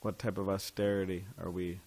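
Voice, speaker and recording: A man with a slightly low voice leads a devotional scripture class in a temple. He talks loosely and conversationally, pausing to ask his listeners questions. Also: flat delivery, a little mellow.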